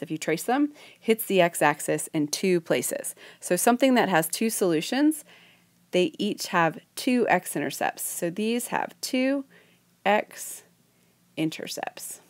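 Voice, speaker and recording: A woman with a slightly low voice walks through a math lesson on a whiteboard recording. She talks in a chatty, encouraging way and explains each step plainly. The sound comes through a tablet mic. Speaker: math teacher.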